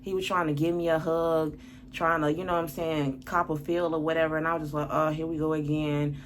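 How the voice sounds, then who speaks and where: A woman vents through a storytime vlog, blunt and heavy with profanity. Her voice sits on the low side. A faint hiss lies under the recording. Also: flat delivery, brisk. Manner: blunt, profane, venting and worked up. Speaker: vlogger telling a story. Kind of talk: casual storytime monologue.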